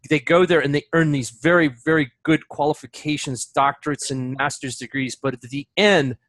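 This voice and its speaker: A man's voice: on the high side, steady tone, a bit bright, dry recording. Thoughtful man, dry close sound. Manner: thoughtful, halting restarts. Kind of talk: casual discussion.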